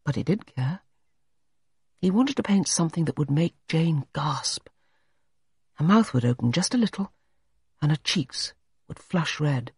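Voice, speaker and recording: An audiobook narrator tells a classic story in a lively voice that rises and falls a lot. The voice is a little husky, and the recording is dry and close. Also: mid-range voice, unhurried, long pauses, no room sound. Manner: expressive storytelling. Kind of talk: scripted narration.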